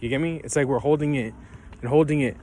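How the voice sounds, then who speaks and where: A man talks straight to the camera outdoors in a mid-pitched voice, giving loose, rambling life advice. He keeps checking in with his viewers. Faint passing cars and street noise sit in the background. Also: fast, mellow. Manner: loose and rambling, keeps asking "right?" and "you feel me?". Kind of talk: casual motivational talk to camera. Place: outdoors, ground with leaves.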